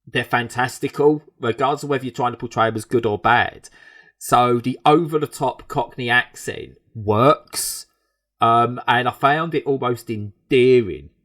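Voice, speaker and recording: A man's voice: medium pitch, measured pace, a bit bright. A man, co-hosting a podcast in casual, enthusiastic chat with many restarts. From England. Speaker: podcast co-host.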